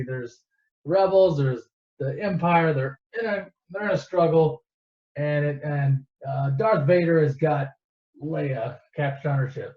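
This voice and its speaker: A man casually retells a favorite movie, rambling and swearing with many asides and restarts. His voice is a little high and a little mellow, captured in an echoey, dull lo-fi room recording.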